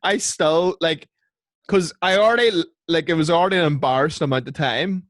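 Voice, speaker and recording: A man's voice: on the high side, brisk, a bit bright, dry recording. A young adult man, a comedian chatting casually over a video call, rambling with lots of restarts and "like". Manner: rambling, full of restarts and filler "like". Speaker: comedian podcaster. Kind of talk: casual chat.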